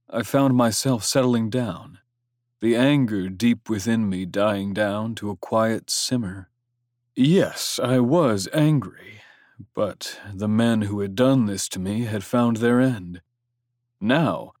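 A man's voice: on the low side, a little mellow, dry recording, clean studio sound. A man reading a first-person story aloud in a brooding, intense manner, with coarse swearing. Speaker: audiobook narrator. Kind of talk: scripted first-person narration.

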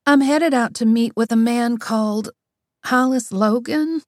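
Woman reading a practical, determined young woman, brisk, in a dry studio audiobook. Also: fairly high pitch, no echo, lightly acted. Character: cheerful, determined young woman fixing farm machinery.

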